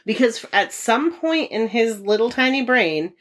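A woman's voice: a little high, very animated, moderate pace. A woman in her thirties co-hosting a podcast, chatting casually and laughing often as she acts out what others said. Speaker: podcast co-host.

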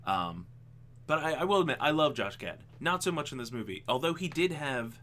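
A man co-hosting a casual podcast, talking animatedly about a film adaptation, with frequent ums and quick laughs. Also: mid-range voice, lively intonation, a bit bright. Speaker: podcast co-host.

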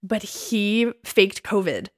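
A woman in her thirties co-hosts a relaxed chat, recounting old dates with lively, animated delivery. She slips into the voices of the people in her stories as she goes. Her voice sits at an ordinary, middle pitch. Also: slow. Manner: animated storytelling, acts out quoted lines. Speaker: podcast co-host. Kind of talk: casual chat.

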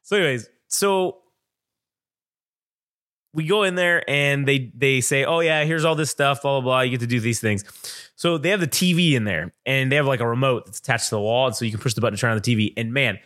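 Co-hosting a casual podcast, a man rambles through a lengthy story peppered with swearing, performing the quoted lines in comic voices. He speaks fairly quickly in a bright-ish mid-range voice, and the studio-quality audio has no echo.

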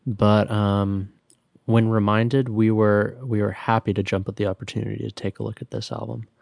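A man co-hosting a casual podcast, easygoing and quick to laugh. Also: on the low side, level tone, creaky, a little mellow, dry recording, clean studio sound. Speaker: podcast co-host.

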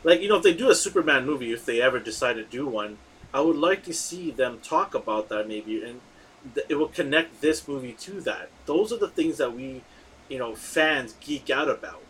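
Man, podcast host, casual movie chat, excitable, rambling, middle pitch, faint background hiss. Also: moderate pace, low-quality recording. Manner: excitable, rambling with many fillers.

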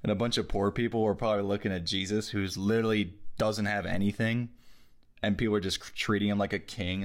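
A man's voice: lowish voice, steady tone, fast. A young man co-hosting a podcast in casual chat, laid-back, swearing often and laughing a lot. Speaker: podcast co-host.

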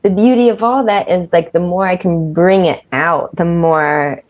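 A woman talking candidly in a casual conversation, animated and swearing freely. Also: fairly low pitch, normal speed.

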